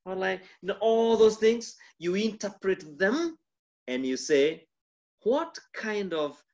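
A man with a Kenyan accent, a pastor giving a mentorship lecture on communication, demonstrative and full of pauses and shifts in volume. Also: lo-fi sound. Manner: lively, demonstrative, shifts volume and pitch to illustrate.

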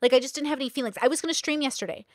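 A woman's voice: high voice, racing, no room sound, clean studio sound. A woman content creator chatting candidly to camera in a rambling, confessional way. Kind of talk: casual talking-head chat.

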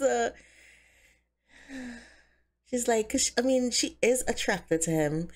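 A woman giving casual, excitable commentary on a life-simulation game she is playing, often speaking the characters' thoughts aloud. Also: fairly high pitch, measured pace, pauses often. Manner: excitable, gasping and squealing, voicing the characters' thoughts. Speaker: let's play host.

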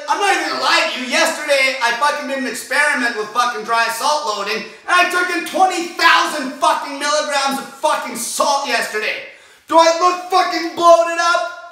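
A man with a high-pitched, piercing voice tears into his audience with nonstop profanity and frequent shouting. He sounds aggressive and relentless. The recording is boomy and echoey, and he stands some distance from the mic. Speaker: diet vlogger. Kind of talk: profane fasting rant.

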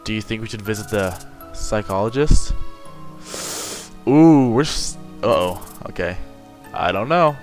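A man's voice: lowish voice, measured pace, long pauses, darkish tone, soft background music. A young man giving horror game commentary, jittery and swearing, yelping when startled. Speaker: gamer.

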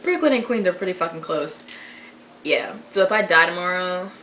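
A young woman talks straight to her webcam from her bedroom, telling a story with sarcasm and blunt swearing. Her voice is bright and sharp, and a faint hiss of noise sits under the recording. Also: on the low side, animated, moderate pace, poor audio. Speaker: vlogger. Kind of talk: casual storytelling vlog.

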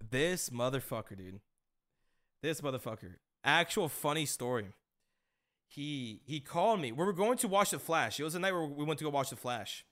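Young man, streamer, casual slangy banter, bright, slightly high voice. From Mexican-American family. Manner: laid-back slangy banter, laughs at his own stories.

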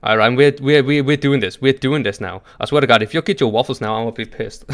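An excitable guy chatting through a co-op video game with a mid-range voice at an everyday pitch. he laughs a lot, cheers his partner on and gets loud when things go well. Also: brisk. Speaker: co-op gaming partner. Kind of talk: live gameplay chat.

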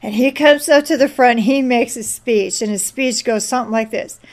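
A woman's voice: on the high side, moderate pace. A woman giving an informal sermon, telling a story and exhorting listeners. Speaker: preacher. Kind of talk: informal sermon with a film anecdote.

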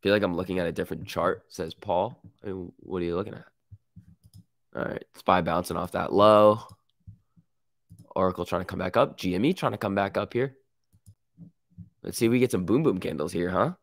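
Guy with a sick voice doing live stock commentary, real low and gravelly, dry close sound. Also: no room sound. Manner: casual, quick reactions, slangy. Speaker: stock market livestream host. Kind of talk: live market commentary, reading chat.

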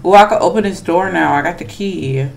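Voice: mid-range voice, fairly quick, vocal fry. A gamer commentating a horror game, chatty and nervous, talking back to the characters on screen and to other players. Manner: nervous, hushed asides between excited outbursts. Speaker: gamer playing horror games. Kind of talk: let's play commentary.

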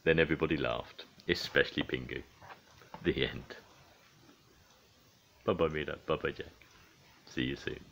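An older man reading a children's storybook aloud in a lively, animated way. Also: a bass voice, normal speed, vocal fry, long pauses, dull audio, a little hiss or hum.

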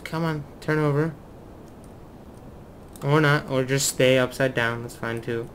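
A man hosting a let's play, commentating excitedly to himself as he flies, at a desk mic at home. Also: medium pitch, a little slow, a little hiss or hum. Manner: excitable, talks to himself while flying. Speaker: gaming video host.

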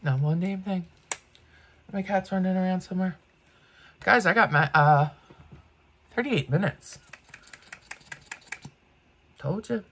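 A woman's voice: on the low side, takes it slowly, long pauses, slight background noise. A woman in her fifties doing get-ready-with-me commentary, blunt and ranting, swearing freely. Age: 50s. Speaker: beauty vlogger.

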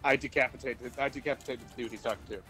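A young man playing a tabletop game describes his character's moves in a casual, offhand way. He swears freely and thinks out loud. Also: mid-range voice, fairly even intonation, very fast, breathy edge, faint music behind. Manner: profane, offhand. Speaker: player.

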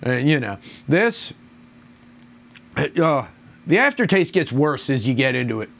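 Man, casual beer reviewer, mid pitch, groaning and crude complaints. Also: big pitch swings, measured pace, gravelly, a bit bright.

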